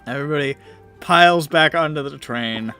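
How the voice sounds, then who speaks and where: A man running a tabletop game as game master, narrating haltingly with many fillers and frequent laughter. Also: a little high, pushed and bright, soft background music.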